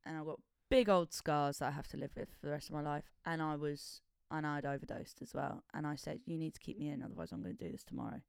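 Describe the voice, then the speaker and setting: Blunt, gravelly-voiced woman in casual talk. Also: low-pitched, fairly even intonation, a little fast, few pauses, darkish tone, dry recording, clean studio sound. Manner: candid and blunt, swearing freely. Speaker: guest, musician and visual artist. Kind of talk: casual podcast conversation.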